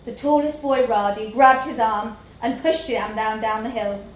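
A woman reading a literary story aloud in a slow, measured storytelling manner. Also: a little high, a little hiss or hum. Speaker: narrator. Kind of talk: scripted narration of a literary story. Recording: echoey room with faint ambience.

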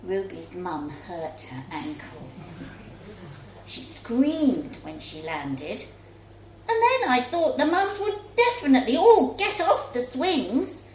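A woman reading a story aloud in a child's first-person voice, expressive and lively. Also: fairly high pitch, slow pace, a little hiss or hum. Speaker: story reader. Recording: roomy echo, faint room ambience.

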